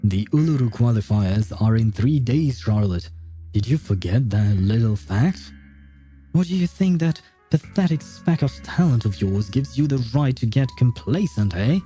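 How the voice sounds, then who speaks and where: A man's voice: mid-range voice, expressive, normal speed, dark tone, faint music behind, close to an everyday voice. A man voicing a stern, contemptuous female coach in a video game. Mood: scolding. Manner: scolding, contemptuous.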